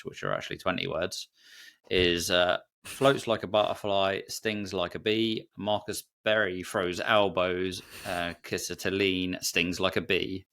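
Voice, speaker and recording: A man's voice: deep voice, a bit bright. A man co-hosting a casual football podcast, playful and self-mocking. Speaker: podcast co-host.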